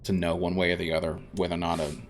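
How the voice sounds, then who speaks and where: A man's voice: low voice, flat delivery, rapid-fire, slight background noise. A man streaming a game, chatting casually with viewers and rambling a bit. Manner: chatty, rambling, restarts, answers chat. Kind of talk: casual let's-play chat.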